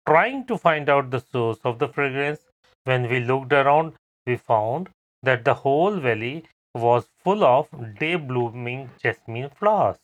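A man calmly recounting a personal travel memory on an educational podcast. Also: mid-range voice, measured pace. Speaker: podcast guest storyteller.

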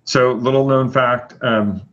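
A man's voice: medium pitch, fairly even intonation, slow pace. A man hosting a casual chat, chatty and full of fillers as he announces rankings. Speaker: host. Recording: dull lo-fi audio.

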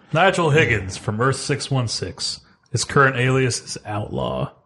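A man's voice: medium pitch, big pitch swings, slow pace, sharp tone. A man co-hosting a comic book podcast, hesitant with fillers, reading out character facts. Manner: hesitant, reads facts aloud. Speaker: podcast co-host. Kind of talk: casual comic book chat.

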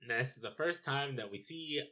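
A man's voice: medium pitch, moderate pace, bright, forceful tone. A man in a casual film discussion, dry and wry, steering the talk along.

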